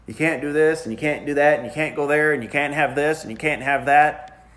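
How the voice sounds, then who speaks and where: A man's voice: on the high side, brisk. A man preaching a sermon in a casual, conversational way, acting out the complaining voices of the people he describes. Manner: animated, acts out complaining voices. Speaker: pastor.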